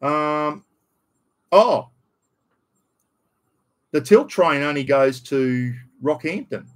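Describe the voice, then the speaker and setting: On a laid-back live stream, this middle-aged Australian host speaks in a rather high, expressive voice, stretching out his words as he rambles bluntly. A slight cough lingers from a recent illness.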